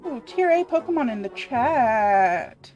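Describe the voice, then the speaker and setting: A woman's voice: fairly high pitch, big pitch swings, a little mellow, soft background music. A woman streaming a game live, casually commenting and reading messages aloud. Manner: quick, casual, reads chat aloud.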